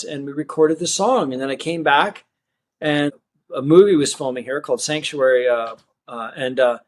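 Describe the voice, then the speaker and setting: A man tells a personal story in a relaxed interview, his voice sitting a little higher than most men's. He is animated and acts out the people he quotes, swinging his pitch up and down as the story moves. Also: a little hiss or hum. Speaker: magician and guest.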